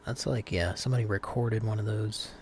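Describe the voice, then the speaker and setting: A man's voice: fairly low pitch, brisk, a little hiss or hum. A man hosting a live call-in stream, chatting casually and rambling with fillers and restarts.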